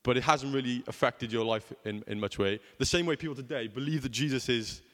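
A man's voice: medium pitch, brisk, fairly bright tone, long reverb tail. A young man preaching a sermon in a conversational way, often asking rhetorical questions.

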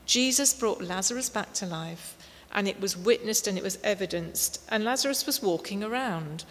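A woman preaching a sermon, slow and emphatic, with warm storytelling asides. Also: medium pitch. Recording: long hall reverb, faint noise.

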